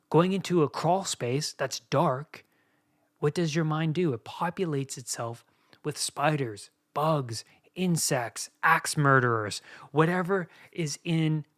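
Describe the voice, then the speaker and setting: A man with a mid-range voice hosts a solo podcast, speaking earnestly and directly to his listeners like a coach. He shifts between soft near-whispers and emphatic bursts.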